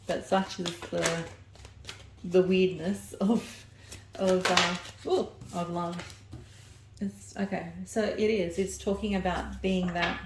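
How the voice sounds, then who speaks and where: A woman's voice: fairly low pitch, echoey room, noisy background. A woman giving an oracle card reading, rambling and searching for her words as she corrects herself mid-sentence. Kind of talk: personal oracle reading to camera.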